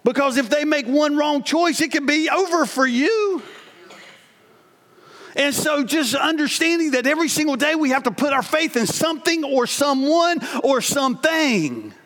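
A man in his forties delivers a sermon with a very high voice. He talks in a lively, conversational way, telling stories and turning to the congregation with asides. The long reverb of a church sanctuary hangs behind every line. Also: moderate pace. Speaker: pastor.

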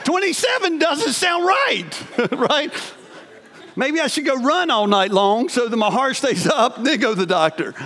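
High-pitched guy in his 40s preaching, telling a story, laughs a lot and trips over his words, long hall echo. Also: moderate pace. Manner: animated, laughing, self-interrupting. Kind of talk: storytelling sermon.

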